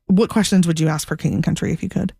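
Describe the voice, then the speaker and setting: A woman co-hosting a morning radio show, bubbly and excitable. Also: fast talker, gravelly, breathy edge, no room sound, studio quality. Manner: bubbly, excitable, lively pitch swings. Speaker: radio co-host. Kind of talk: upbeat radio banter.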